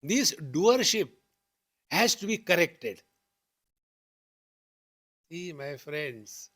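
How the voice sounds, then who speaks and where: Very slowly and in a voice on the high side, a spiritual teacher delivers a discourse at a retreat hall. His stories are lively, and he voices both speakers in each exchange, lifting his tone on the questions.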